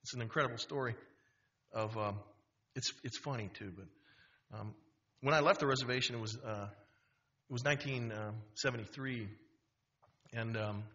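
A man's voice: medium pitch, normal speed, long pauses. A man in his fifties from Wisconsin, a guest speaker telling a humorous story with lots of restarts in a university auditorium. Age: 50s. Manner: animated, humorous, full of restarts. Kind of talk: storytelling talk. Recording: dull auditorium recording.

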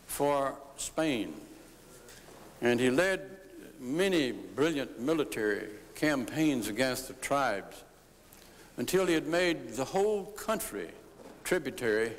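An older man delivers a formal history lecture from the floor of a legislative chamber. He speaks slowly and deliberately, pausing often between phrases. A long reverb hangs on his voice, with a faint hiss beneath. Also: medium pitch. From United States. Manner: measured, deliberate delivery with frequent pauses and "uh" fillers. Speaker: senator giving a floor speech.

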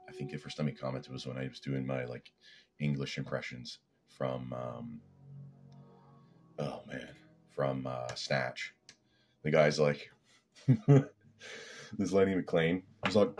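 A man from Canada rambling casually as a fitness vlogger, laid-back and swearing now and then. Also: very deep voice.

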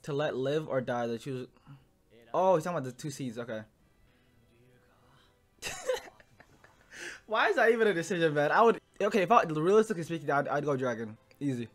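A young man reacting to an anime episode in casual commentary, emotional and swearing, swinging from low muttering to loud outbursts. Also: big pitch swings, fast, soft background music.

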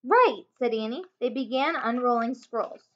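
A woman teacher reading a children's chapter book aloud, expressive, with small slips and self-corrections. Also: a little high, measured pace. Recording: dull lo-fi home recording.

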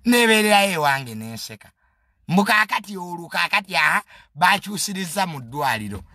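A man's voice: sits high, sing-song, fairly quick, bright, forceful tone, dry recording, clean studio sound. A man with a Ugandan accent giving a casual, comedic monologue in a mocking, boastful tone and mixing English phrases into his talk.

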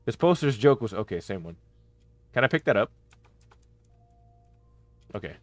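Excitable male gamer with a lively voice. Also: on the low side, normal speed, no echo, studio quality, soft background music. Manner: excitable, yelps and shouts at the game. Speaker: gaming YouTuber. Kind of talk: horror game playthrough commentary.

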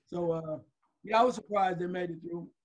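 A man co-hosting a sports talk show, joking in an animated way with a husky voice. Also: sits high, moderate pace. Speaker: co-host.

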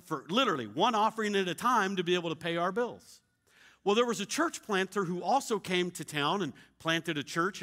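A middle-aged male pastor telling a story in a sermon, acting out the dialogue with shouts and laughter. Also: sits high.

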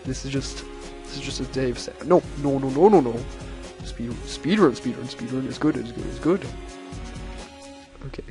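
A man giving let's-play commentary, excitable and silly, breaking into shrieking high-pitched yelps whenever he fails. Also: normal speed, pauses often, music in the background. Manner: silly self-mocking banter. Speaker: gameplay commentator.

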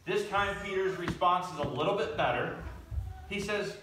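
Animated man preaching in an echoey church. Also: high-pitched, moderate pace, noisy background. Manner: animated, asks the audience questions. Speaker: pastor. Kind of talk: sermon storytelling. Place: church sanctuary. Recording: echoey room, from far off.

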